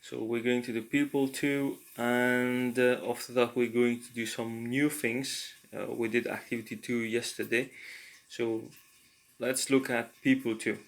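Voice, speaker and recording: A man talking through a language lesson in a casual, halting way, pausing often to think aloud with fillers. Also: medium pitch, flat delivery. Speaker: language learner and tutor.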